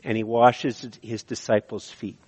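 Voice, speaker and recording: A man preaching a sermon in earnest, slowing down to stress key words, in a church sanctuary. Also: fairly low pitch, little pitch movement, slightly rough. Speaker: pastor. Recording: dull audio with long hall reverb.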